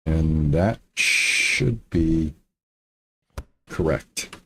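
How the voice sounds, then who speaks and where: Man, gaming streamer, slow and lively-pitched, chatty self-talk while he builds. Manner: talks to himself while building, frustrated muttering and repeats. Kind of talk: casual let's-play commentary.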